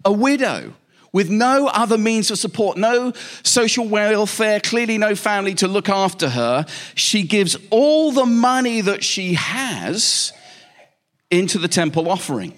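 A man preaching a sermon, telling stories with lively emphasis and repeated questions. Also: sits high, unhurried.

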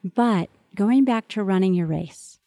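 A woman's voice: mid-range voice, measured pace, dry recording. Earnest woman podcast host, dry sound. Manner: earnest, animated, addresses listeners directly. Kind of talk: encouraging podcast monologue to parents.

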